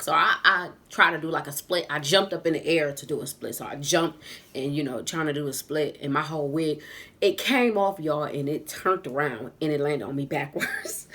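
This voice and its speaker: A woman telling a casual storytime vlog story as she does her makeup at home. She is animated and laughs often. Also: deep voice. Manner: animated, laughs often, says "y'all" a lot. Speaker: vlogger. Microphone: camera on a tripod.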